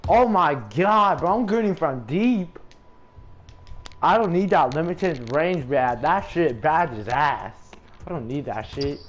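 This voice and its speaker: A man's voice: on the high side, expressive, slow, a little hiss or hum. A man trash-talking and cursing at his opponent while commenting on his own gameplay. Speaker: gaming content creator.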